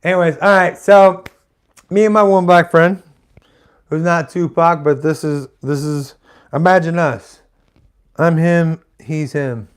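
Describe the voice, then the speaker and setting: A man's voice: on the high side, fairly even intonation, measured pace, long pauses, smooth. A man doing live stand-up comedy, telling a rambling story full of restarts and asides. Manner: rambling, self-interrupting, chatty asides.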